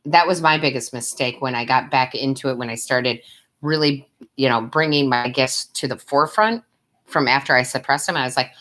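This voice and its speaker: A woman's voice: extremely low pitch, moderate pace, fairly bright tone. A woman giving tarot readings on a live stream, who chats with her viewers, calls them love and sweetheart, and laughs often. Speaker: tarot reader and medium.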